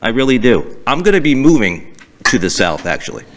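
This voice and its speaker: A man hosting a casual podcast, telling stories with animated asides. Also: mid-range voice, a little fast. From Massachusetts. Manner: animated storytelling, mimics accents. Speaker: podcast host.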